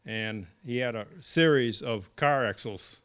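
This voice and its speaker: An older man with a Maine accent, sharing a story from the audience and explaining in a halting way that repeats words. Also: mid-range voice, fairly bright tone, clear, resonant tone. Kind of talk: casual storytelling. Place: library meeting room.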